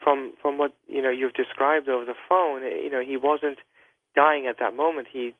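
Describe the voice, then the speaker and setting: A man, a guest doctor on a call-in radio show, explaining in a measured, hedging way with many fillers. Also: medium pitch, fairly even intonation, no room sound. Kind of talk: careful explanatory talk over a phone line. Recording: tinny dry phone line.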